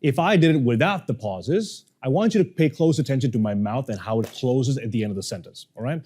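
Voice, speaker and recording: Man, speaking coach, live workshop, warm mellow tone, playful, questions the audience. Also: mid-range voice, fairly quick. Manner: energetic, quizzes the audience, playful asides.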